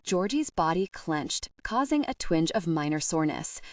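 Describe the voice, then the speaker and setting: A woman narrating a romance audiobook with an expressive, scripted reading. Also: fairly low pitch, moderate pace, no echo.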